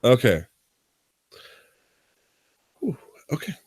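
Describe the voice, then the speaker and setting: A man's voice: mid-range voice, huge pitch swings, very slow, darkish tone, breathy edge, no room sound, clean studio sound. Joking young man hosting a podcast. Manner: joking, teasing, hypes himself up. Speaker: podcast host. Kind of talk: casual podcast chat.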